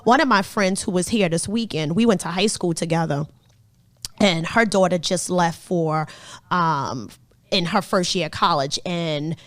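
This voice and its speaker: Candid, animated woman therapist in casual talk. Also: lowish voice, no room sound, clean studio sound. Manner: candid, animated storytelling with swearing. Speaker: therapist and podcast co-host. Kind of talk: casual podcast conversation.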